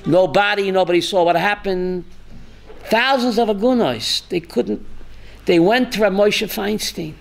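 Male rabbi, animated storyteller, high voice, gravelly fry, addresses students by name. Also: unhurried, a little hiss or hum. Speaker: rabbi teaching a class. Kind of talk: storytelling Torah class.

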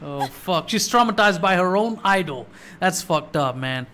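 A man reacting to a cartoon on screen, excitable and cursing, talking back to the characters. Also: sits high, moderate pace, slight background noise. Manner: excitable, swears a lot, talks back to the screen. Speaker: reaction video host. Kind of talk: casual reaction commentary. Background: cartoon audio and music playing.

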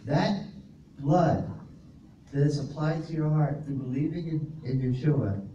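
Male pastor, mellow higher voice, distant mic in a very echoey hall. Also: unhurried, highs cut off. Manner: reads scripture aloud and explains Greek words to a congregation. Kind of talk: sermon with scripture reading. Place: fellowship hall. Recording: roomy echo, voice from off-mic, faint noise.

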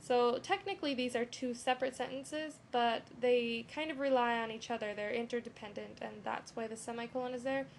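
A faint hiss runs under this casual screen-recorded lesson, in which a young female teacher speaks loosely and relaxed. Her voice is a little high and gravelly, and she often fills gaps with "um" and "you know."

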